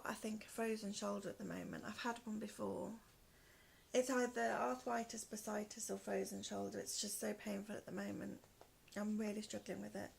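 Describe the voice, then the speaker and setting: Gravelly British woman, hoarse and slow, soft near-whispered home podcast chat; faint room noise. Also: mid-range voice. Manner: soft-spoken, often trailing into a whisper. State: in pain, hoarse from asthma. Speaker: podcast host. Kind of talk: casual chat to camera. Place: one room at home, indoors.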